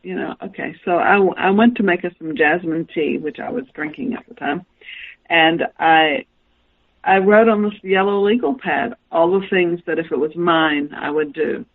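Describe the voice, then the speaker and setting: A woman's voice: fairly low pitch, normal speed. Woman telling stories over a tinny phone line. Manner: recounts anecdotes, acting out quoted dialogue. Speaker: guest author. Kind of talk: storytelling interview.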